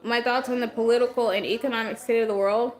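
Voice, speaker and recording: A woman with a voice a touch higher than most chats casually on a livestream, replying to viewer comments one after another. Her voice is going a little hoarse from talking for a long time, and it comes through a simple built-in mic. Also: steady tone, quick pace. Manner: chatty, answers viewer comments as they come in. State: losing her voice. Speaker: livestream host.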